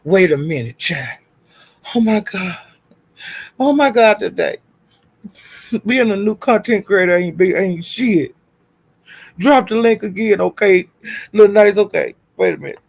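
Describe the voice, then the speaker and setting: A woman's voice: mid-range voice, lively intonation, unhurried, vocal fry, long pauses, darkish tone, slightly rough. A woman hosting a live stream who is frantic and flustered, swearing, laughing and calling out to viewers for help. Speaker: livestream host.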